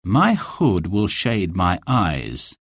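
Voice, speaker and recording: A bold young outlaw archer, as a narrator reads his lines, steady and sure of himself. His voice is slightly husky and recorded close and dry. The lines are unhurried, in a storybook manner. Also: deep voice, dry recording, voice pushed down, full character voice. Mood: confident.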